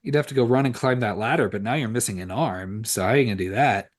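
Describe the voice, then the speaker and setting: A man's voice: mid-range voice, quick pace. A man co-hosting a podcast, chatting casually about a horror movie in a rambling, profane way full of "like" and restarts. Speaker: podcast co-host. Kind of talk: casual movie commentary chat.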